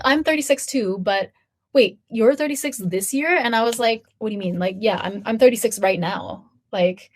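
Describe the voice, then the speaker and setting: A woman in her thirties telling a story to her viewers in a chatty, casual way, full of "like" and acted-out quotes. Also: mid-range voice. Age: 30s. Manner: chatty, lots of "like", acts out quoted voices. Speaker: vlogger.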